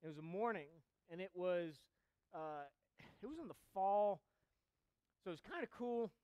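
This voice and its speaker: Male preacher, high and smooth, chatty sermon storytelling, dry close sound. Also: expressive, normal speed, no room sound, muffled recording. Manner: casual storytelling with many fillers; rises to loud emphatic reading of scripture. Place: church chapel.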